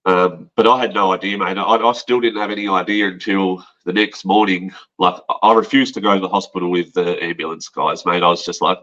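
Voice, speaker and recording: A man's voice: sits low, steady tone, a little fast, few pauses, sharp tone, lo-fi sound. An Australian man telling his own story on a podcast in a frank, rambling way, swearing and calling the listener mate. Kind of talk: casual storytelling.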